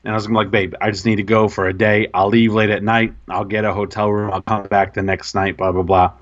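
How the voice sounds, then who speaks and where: A man co-hosting a podcast, telling an embarrassing story in casual, animated, self-mocking chat. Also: fairly low pitch, quick pace, lo-fi sound. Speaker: podcast co-host.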